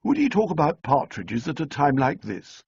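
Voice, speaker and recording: A man reading an audiobook, voicing a kind, decisive young woman who talks in a brisk, teasing way. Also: on the high side, wildly swooping pitch, gravelly, darkish tone, breathy edge, muffled recording, pitched above the performer's own voice, full character voice. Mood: kindly. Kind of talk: audiobook character voice.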